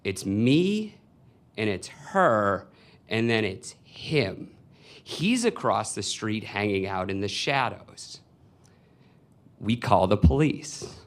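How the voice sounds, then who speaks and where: Slow, wry storyteller in his twenties. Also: fairly low pitch, animated. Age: 20s. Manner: unhurried, wry, confessional. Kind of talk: live personal storytelling. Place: stage before a live audience.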